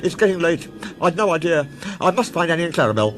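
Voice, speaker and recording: A man voicing a proud, impatient male engine with a brisk, flustered manner. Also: a little high, big pitch swings, music in the background, pitched above the performer's own voice.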